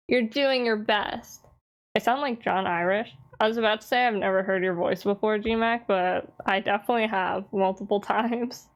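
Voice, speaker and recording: A woman streamer chatting casually on a live stream, teasing and answering her chat with frequent laughs. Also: on the high side.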